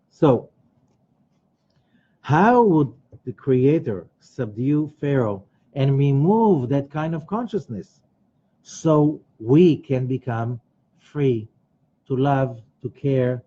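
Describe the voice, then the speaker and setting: Guy teaching a kabbalah class, husky mellow voice, kinda higher pitched, dull lo-fi sound. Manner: emphatic, repeats phrases, acts out quoted voices. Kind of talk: teaching a weekly study class. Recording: dull lo-fi recording.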